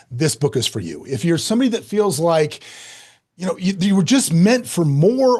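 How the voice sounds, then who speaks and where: A middle-aged man telling a story as a podcast guest, lively and self-mocking, acting out quoted lines. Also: on the high side. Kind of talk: animated storytelling in an interview.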